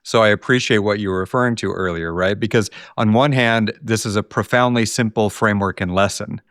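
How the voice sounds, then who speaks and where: A man's voice: lowish voice, a little fast, a bit bright, no room sound, clean studio sound. A man hosting a podcast, affirming and talking in an easy way, often checking in with "right?". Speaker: podcast host. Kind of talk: conversational interview.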